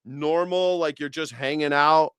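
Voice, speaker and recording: A man hosting a live news reaction show, talking in an animated, profane, rambling way with many restarts. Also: a little high, unhurried, clean tone, dry recording. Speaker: host.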